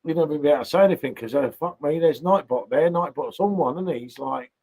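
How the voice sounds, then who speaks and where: A man talks casually to his live-stream viewers from his sitting room, tagging little questions onto his remarks. His voice sits a touch high for a man, with a gravelly, husky grain and a good deal of fry. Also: quick pace, darkish tone.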